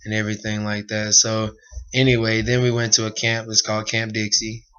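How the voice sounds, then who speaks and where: Young guy telling his testimony, smooth voice, pretty monotone, kinda muffled lo-fi recording. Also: lowish voice, brisk. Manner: earnest, plain retelling with many asides. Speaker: speaker giving a personal testimony. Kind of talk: personal testimony speech. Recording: dull lo-fi recording.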